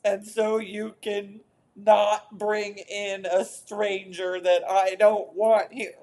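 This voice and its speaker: A woman's voice: mid-range voice, flat delivery, slow, warm tone, pitched above the performer's own voice, lightly acted. A woman voicing her own upset little inner girl, who insistently demands her mother and father. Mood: demanding.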